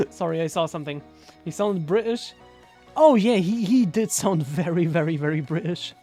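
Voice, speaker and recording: A woman's voice: lowish voice, animated, faint music behind. A young woman streaming live, chatting casually with viewers, swearing and laughing easily. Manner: loud swearing outbursts and quick laughter.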